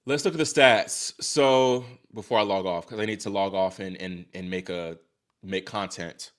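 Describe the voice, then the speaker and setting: Excitable young man chatting on a livestream. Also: low-pitched, moderate pace. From Virginia, US. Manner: excitable, talks to chat, sighs and exclaims. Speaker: livestream host reacting to tennis. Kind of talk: casual live-stream chat.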